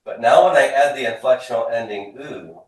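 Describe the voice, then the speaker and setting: A Hebrew instructor teaches a class, his medium-pitched voice moving fairly quickly. He explains patiently, repeating words and drilling forms aloud for students to echo back. The lecture is captured from a distance in an echoey classroom.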